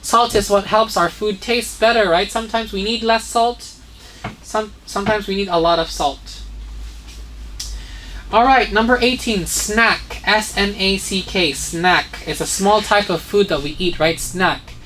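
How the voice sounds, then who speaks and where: A woman at a middle pitch leads a children's phonics lesson, spelling every word out letter by letter. She keeps checking in with "okay?" and "right?" as she goes. A faint hiss sits under the recording. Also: measured pace, a bit bright. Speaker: English teacher.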